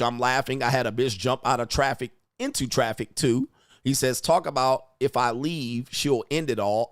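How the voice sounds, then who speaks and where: A man's voice: medium pitch, no echo, studio quality. Blunt, ranting male livestream host. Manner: reads viewer messages aloud. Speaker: livestream host reading donations. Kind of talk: casual livestream rant.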